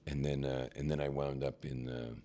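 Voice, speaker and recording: A man, a rabbi, telling a story as a podcast guest, acting out shouts and dropping to near whispers. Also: a bass voice, level tone, normal speed, slight background noise.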